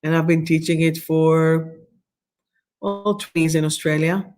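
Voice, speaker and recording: A woman's voice: deep voice, fairly even intonation, measured pace, darkish tone, faint music behind. A middle-aged woman from Israel, guest-hosting a live stream where she leads a meditation and reads oracle cards in a soothing, affirming way with slightly phrasing. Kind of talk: live-streamed guided meditation and card reading.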